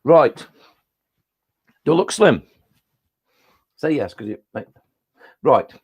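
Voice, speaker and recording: A man's voice: fairly high pitch, very animated, slow pace, husky, lo-fi sound. A middle-aged man, a children's poet, chatting jokily between poems in a live reading. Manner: chatty, jokey, self-deprecating. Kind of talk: live poetry reading with chat.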